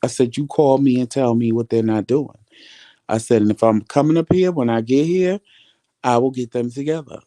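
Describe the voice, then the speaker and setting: A man with a mid-range voice and dark tone, talking at normal speed, vlogs a long story for his audience in a casual way. He re-enacts the conversations through many quoted lines, and the audio has no echo.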